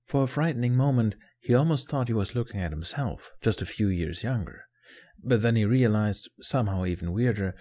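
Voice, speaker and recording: Brief: male narrator, fan fiction audiobook, steady delivery, lower pitch. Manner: calm, steady storytelling.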